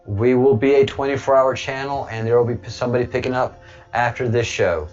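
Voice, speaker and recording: A man's voice: medium pitch, fairly even intonation, brisk, darkish tone, dull audio, soft background music. A man hosting a livestream, talking casually to viewers in a rambling way with frequent restarts. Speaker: livestream host.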